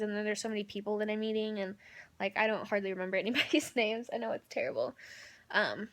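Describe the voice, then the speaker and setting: A young woman giving a candid, rambling personal video update from a hospital room, with lots of ums and likes. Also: fairly high pitch. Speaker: vlogger.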